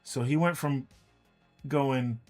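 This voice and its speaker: A man in a relaxed stream chat tells a long story and quotes each person's lines as he goes. His voice sits at a middle pitch, and faint music plays behind him. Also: slow. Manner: animated anecdote, quoting others in dialogue. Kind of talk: casual storytelling while painting miniatures.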